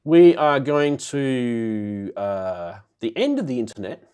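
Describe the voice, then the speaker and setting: Man with a head cold, nasal, muffled, chatty live-stream host, laughs a lot, mid-pitched. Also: big pitch swings, slow pace, warm tone, clear, resonant tone. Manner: chatty, laughs often, greets viewers by name. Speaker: host of a live synth show. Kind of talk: casual live-stream chat.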